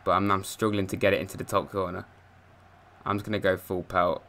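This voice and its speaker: A man giving casual, excitable commentary over a football video game, swinging between low mutters and loud outbursts. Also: fairly quick. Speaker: gaming YouTuber.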